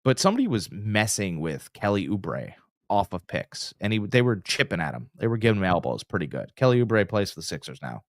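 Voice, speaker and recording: A little fast and lowish in pitch, a male sports podcast co-host delivers high-energy anecdotes, acting out each quote. There's no echo, and the audio is studio quality.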